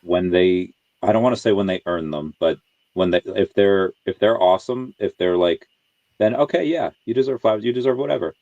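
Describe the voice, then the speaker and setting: Deep-voiced man on a dull, dry mic. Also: a little fast, no room sound. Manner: relaxed, rambling storyteller. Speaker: podcast host. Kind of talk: casual podcast chat.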